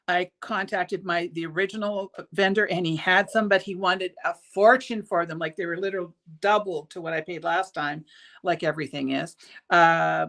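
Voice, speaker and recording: Indoors in her jewelry shop studio, a woman with a fairly low, fairly bright voice hosts a casual live-stream bead show. She chats and rambles, full of ums and restarts, clearly enthusiastic about the beads.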